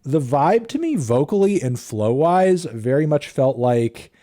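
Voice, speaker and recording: A man's voice: on the high side, big pitch swings, a little slow, dark tone. Profane, rambling man reviewing music. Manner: sarcastic, profane, rambling with fillers. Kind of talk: casual livestream commentary.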